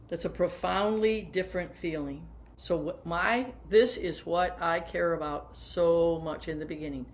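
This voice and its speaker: A woman's voice: fairly low pitch, a little hiss or hum. A woman in her seventies, a band teacher, sitting down and talking teachers through posture and breathing exercises step by step. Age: 70s. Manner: warm, hands-on, guiding listeners through exercises. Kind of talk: workshop lesson for teachers. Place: seated.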